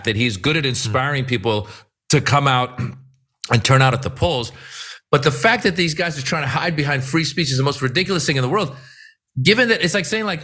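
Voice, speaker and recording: A man's voice: mid-range voice, pushed and bright. A man co-hosting a political talk show, speaking emphatically and with exasperation, often acting out quotes. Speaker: co-host. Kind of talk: political commentary chat.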